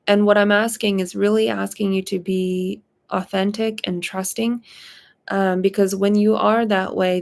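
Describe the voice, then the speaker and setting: Chatty woman doing psychic readings on a livestream, gravelly, lots of ums and giggles. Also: mid-range voice, darkish tone. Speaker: psychic medium. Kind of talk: live-stream reading chat.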